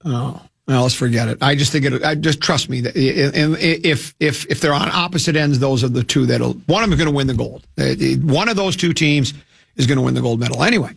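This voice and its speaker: A man's voice: medium pitch, a little fast, vocal fry, slightly rough. A man hosting a sports radio show, rambling and joking in casual studio chat, restarting his sentences often. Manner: rambling, jokey, full of restarts.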